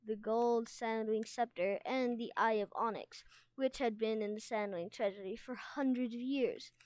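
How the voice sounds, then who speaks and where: A woman's voice: a little high, steady tone, normal speed, darkish tone, clear, resonant tone, no room sound, close to an everyday voice. A woman reading aloud, voicing a bookish, anxious young male dragon who lectures gloomily. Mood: lecturing.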